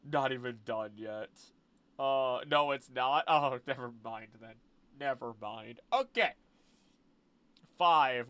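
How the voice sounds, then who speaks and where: A young man chatting casually with his live-stream audience, animated and exclaiming, laughing often. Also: mid-range voice, takes it slowly, pauses often, smooth, dry recording.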